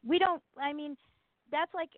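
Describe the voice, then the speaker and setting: A woman's voice: sits high, measured pace, dry recording. A woman with a Southern American accent, co-hosting in casual chat, rambling and blunt with self-mocking asides. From Southern United States. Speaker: co-host. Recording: tinny phone-like line, dry.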